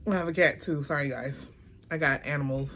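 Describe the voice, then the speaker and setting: Indoors at home, a woman from Baltimore rambles casually to her phone camera with lots of filler words and a local accent. She speaks fairly quickly in a low, steady, fairly bright voice, with slight hiss or hum in the background.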